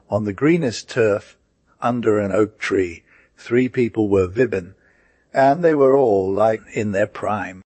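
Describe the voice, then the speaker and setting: A man's voice: on the low side, darkish tone, dry recording. A man narrating a classic story in casual, slang-heavy modern words.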